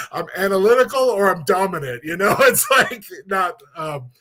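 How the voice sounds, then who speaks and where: A man's voice: sits high, animated, normal speed, pushed and bright. A man who is a guest on a casual podcast, chatty and self-deprecating, laughing often.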